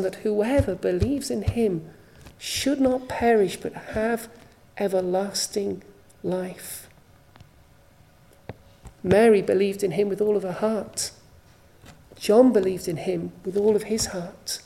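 Slow, mellow-voiced woman preaching. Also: medium pitch, steady tone, creaky. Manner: slow, emphatic preaching with repeated phrases. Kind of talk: sermon. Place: church service.

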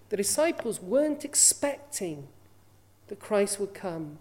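A woman's voice: medium pitch, sing-song, unhurried, a little mellow. A woman preaching a sermon in an earnest way, often asking her listeners rhetorical questions.

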